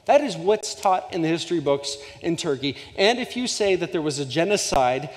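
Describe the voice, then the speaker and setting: A man's voice: on the high side, lively intonation, normal speed. Impassioned male preacher in a reverberant hall. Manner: earnest, impassioned storytelling with frequent restarts. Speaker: guest speaker. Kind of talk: sermon. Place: church sanctuary.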